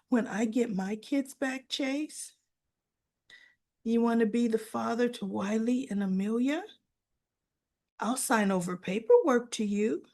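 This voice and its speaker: Recapping soap opera scenes in a casual way, a woman voices the characters' lines and answers them back, animated and indignant. She speaks on the high side at a measured pace, pausing often.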